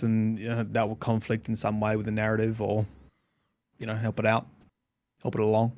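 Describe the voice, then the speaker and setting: A man co-hosting a casual podcast, thinking out loud with many fillers and restarts. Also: on the low side, completely flat delivery, brisk, no room sound. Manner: speculative, hedging with fillers. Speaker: podcast co-host. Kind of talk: casual chat.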